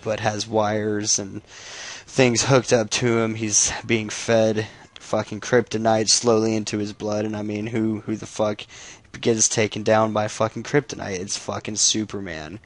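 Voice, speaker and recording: Gravelly low-voiced man recapping a comic. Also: flat delivery, no echo. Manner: casual, swears freely, halting restarts. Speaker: comic book recap YouTuber. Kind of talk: casual spoken comic recap.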